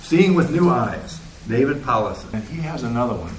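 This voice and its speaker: A man's voice: medium pitch, sing-song, moderate pace, a crowd in the background. A man teaching a counseling class, asking his students questions and acting out the replies people give. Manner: asks the class questions, acts out quoted replies. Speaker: counseling instructor. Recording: roomy classroom with faint noise.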